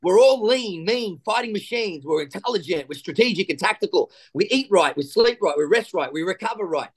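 A man with a fairly high voice tells his stories with gusto. He jumps into the voices of the people he describes and keeps a coaching swagger throughout. The feel is a relaxed podcast chat. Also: brisk. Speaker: jiu-jitsu coach and guest. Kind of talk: animated storytelling in a podcast interview.

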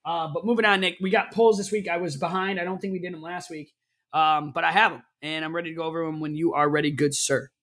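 A man co-hosting a laid-back podcast, his voice sitting high. He rambles, teases his co-host and flares into loud mock outrage. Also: fairly even intonation, fast. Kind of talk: casual podcast banter.

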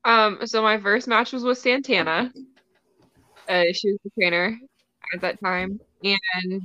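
A young woman, a wrestler, telling stories in a casual interview with lively giggles. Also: mid-range voice, a little slow, pauses often, no room sound, lo-fi sound. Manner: animated storytelling, giggly. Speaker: wrestler guest.

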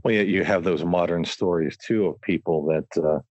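A man co-hosting a casual chat, talking haltingly with lots of fillers. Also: deep voice, darkish tone, no room sound. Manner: halting, lots of "you know". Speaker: podcast co-host.

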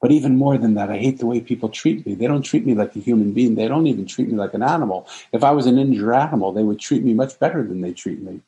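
A man's voice: mid-range voice, fast talker, few pauses, dark tone, lo-fi sound, lightly acted. A man voicing a despairing, ashamed homeless man in an emotional retelling.

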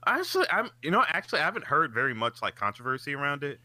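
A man co-hosting a casual podcast chat, animated and swearing freely, his voice jumping up when he gets excited. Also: a little high, racing, no room sound. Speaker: podcast co-host.

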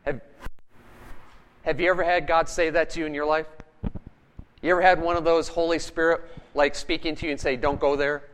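A man preaching a sermon as pastor, animated and firing rhetorical questions at his congregation. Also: a little high, brisk, pauses often.

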